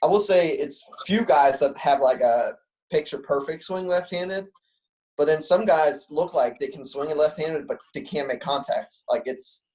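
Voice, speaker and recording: A man's voice: on the high side, normal speed, a little mellow, low-quality recording. A man guesting on a podcast, explaining a golf point thoughtfully. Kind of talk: casual podcast chat.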